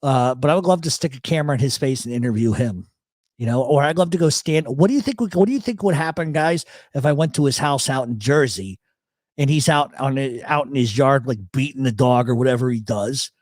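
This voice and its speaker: A man's voice: mid-range voice, fairly quick, no room sound, clean studio sound. Profane storytelling man. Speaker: radio show host. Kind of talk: casual live chat show, reading chat.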